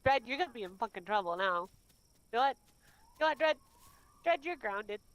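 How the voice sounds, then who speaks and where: Lady streamer, cussing and teasing her friend, kinda high voice. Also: sing-song, brisk, no echo, poor audio. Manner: crude, teasing, swears a lot. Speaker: game streamer. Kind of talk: casual game stream chat.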